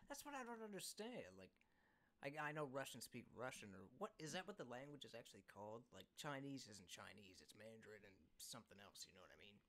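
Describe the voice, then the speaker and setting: A man hosting a reaction video, chatting casually, excitable and quick to giggle. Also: medium pitch.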